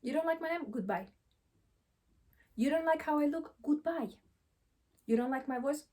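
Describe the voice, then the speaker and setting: A woman coach speaks seated to camera, mellow and a touch high in pitch. She talks emphatically, hammering the same phrases again and again. She throws out rhetorical questions as she advises. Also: normal speed. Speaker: relationship coach. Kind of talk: direct advice monologue to camera.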